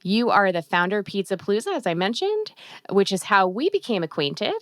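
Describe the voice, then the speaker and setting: A woman's voice: medium pitch, very animated, a little fast, a bit bright, no room sound. Polished woman podcast host, dry sound. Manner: polished, welcoming presenter. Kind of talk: scripted podcast intro and interview.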